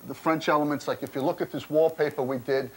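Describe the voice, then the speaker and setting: A man's voice: a little high, fairly even intonation, fast, poor audio. A man, a chef, chatting and joking as he cooks in a restaurant kitchen, often tagging his sentences with "okay?". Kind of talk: casual chat while cooking.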